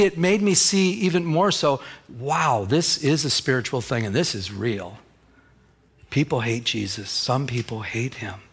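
Animated man preaching a sermon. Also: fairly high pitch. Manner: conversational, animated storytelling with repeated word restarts. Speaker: pastor.

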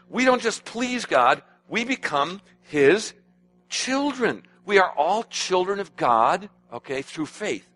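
Bright-voiced preaching man. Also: a little high, low-quality recording. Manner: animated preaching that swings between hushed and emphatic, quizzing the congregation. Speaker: pastor. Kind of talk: sermon.

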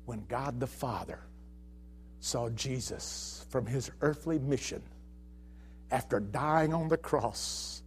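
A man preaching a sermon, telling a story with stammered restarts and swinging between hushed lines and shouts. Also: medium pitch, slow, a little hiss or hum.

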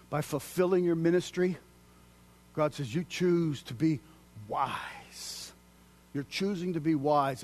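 Male pastor, sermon delivery, slightly higher-pitched voice, dynamic from shouted emphasis to hushed whisper. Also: a little hiss or hum. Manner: dynamic preaching, swings from loud declaiming to hushed near-whisper.

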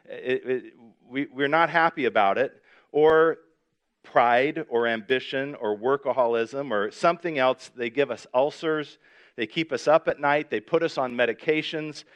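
A man delivers a sermon in a relaxed, conversational manner. He reads scripture aloud and often restarts his sentences as he explains them. His voice sits at a middle pitch. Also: clean tone. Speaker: pastor.

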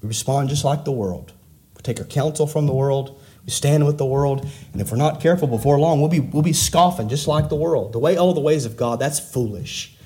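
Pastor, male, middle-aged, slightly high voice, delivers a sermon full of rhetorical questions, swinging loud and soft. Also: fairly quick. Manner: preaching with rhetorical questions, pitch rising and falling widely.

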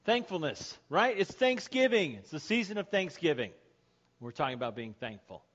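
Speaking at a moderate pace in a somewhat high, sing-song voice, a man opens his sermon as pastor by telling a joke. He performs the characters' dialogue, shouting their lines in the story, on lo-fi sermon podcast audio.

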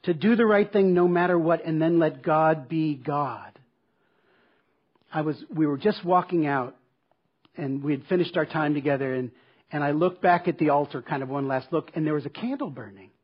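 A man's voice: fairly high pitch, moderate pace, highs cut off. A man preaching a sermon as pastor, telling a personal story in an earnest, emphatic way and returning to a repeated refrain. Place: church service.

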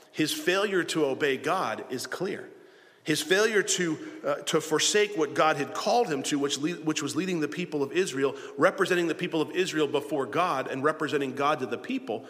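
A man's voice: a little high, a bit bright, in a large hall. A man preaching a sermon as pastor, asking the congregation rhetorical questions.

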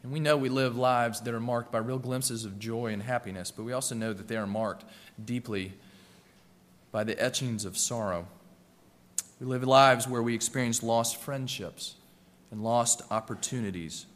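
A man preaching a sermon with earnest, rhythmic repetitions, slowing down and softening for emphasis. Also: mid-range voice, steady tone. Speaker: pastor. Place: church sanctuary. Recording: long reverb of a church hall.

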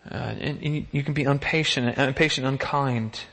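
A man's voice: mid-range voice, steady tone, normal speed, vocal fry, a bit bright, long reverb tail. A man preaching a sermon as pastor, talking in a conversational way and asking the congregation many rhetorical questions.

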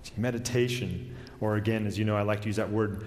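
A man preaching a sermon in an earnest way. He slows down and drops his voice to a hush on key words. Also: fairly low pitch, steady tone. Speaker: pastor. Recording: long hall reverb.

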